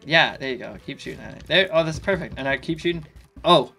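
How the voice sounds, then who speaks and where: A slightly drunk man giving casual let's play commentary, excitable and swearing in sudden panicky outbursts. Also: on the high side, quick pace, vocal fry, faint music behind. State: tipsy. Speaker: gaming YouTuber.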